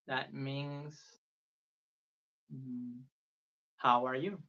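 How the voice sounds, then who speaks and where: Sharp in tone, this mid-range male voice barely moves in pitch, stretching out words and leaving long pauses. He's a Spanish tutor running a beginner lesson on a live stream, patiently and earnestly repeating phrases for viewers to echo. The sound is dull and lo-fi.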